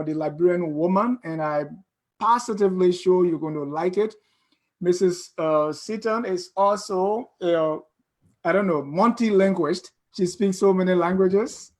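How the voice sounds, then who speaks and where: A man hosting an interview show, speaking informally and loosely phrasing his questions. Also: sits high. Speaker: talk show host.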